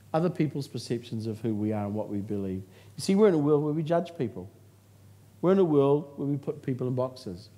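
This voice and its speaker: With a mid-range voice and a dark tone, a man gives a motivational speech to a live crowd from a stage. He shares his story with jokes, humour, and punchy lines.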